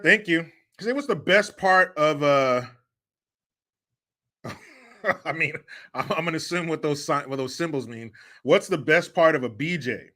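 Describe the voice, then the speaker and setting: A man's voice: a little high, fairly bright tone. A man hosting a casual livestream, rambling and swearing as he answers comments. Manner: profane, rambling, laughs at own jokes. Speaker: livestream host.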